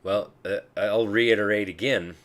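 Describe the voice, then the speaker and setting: A man speaking as a guest in a casual discussion, emphatic but halting and full of fillers. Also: fairly low pitch, steady tone, a bit bright.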